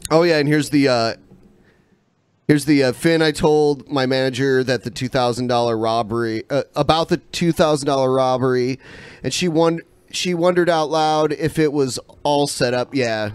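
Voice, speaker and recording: A man hosts a live talk stream and reads out viewer donations, pausing with ums between messages. His voice comes through smooth and clear. The sound is close and dry, with no room echo. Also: medium pitch, fairly even intonation. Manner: reads messages aloud with fillers and pauses. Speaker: podcast host reading viewer donations. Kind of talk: casual live-stream chat. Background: panel of co-hosts.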